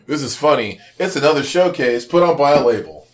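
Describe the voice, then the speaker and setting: A man's voice: mid-range voice, very animated, brisk. A middle-aged man from Kansas, a musician guest talking casually and joking with plenty of profanity on a podcast. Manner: laid-back, profane, joking.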